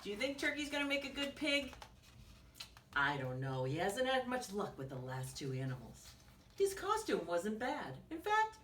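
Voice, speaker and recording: A woman teacher with a mid-range, slightly bright voice reads a picture book to young children, pausing for questions and slipping into whispers. The audio comes from a distant mic in an echoey room, with faint hiss.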